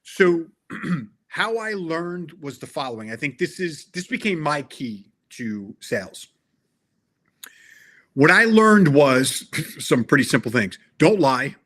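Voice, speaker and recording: Earnest middle-aged man, bright voice. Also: fairly high pitch, big pitch swings, slow pace. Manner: earnest and emphatic, with frequent restarts. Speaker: interview guest, tech sales veteran. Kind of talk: casual interview conversation.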